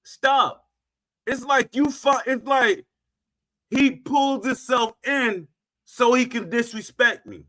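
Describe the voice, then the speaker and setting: A middle-aged man with a high, bright voice holds forth to his viewers in an unhurried rant. He repeats himself for emphasis and stamps each point down hard, like a host airing a grievance. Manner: emphatic, repetitive, punctuates claims with "Facts". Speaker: streamer host. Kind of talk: ranting monologue to viewers.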